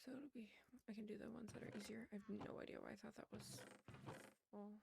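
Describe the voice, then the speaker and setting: A woman's voice: mid-range voice, fairly even intonation, quick pace, creaky, heavy background noise. A woman streamer chatting casually while she plays, rambling and laughing often. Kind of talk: casual chat while gaming. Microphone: wired earbuds with a headset mic.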